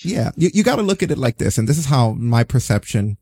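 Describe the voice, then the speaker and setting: A man's voice: medium pitch, very animated, quick pace, vocal fry, a little mellow, slightly rough, no room sound, clean studio sound. A man talking in casual, opinionated podcast chat, blunt and sarcastic, swearing freely. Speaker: podcast co-host.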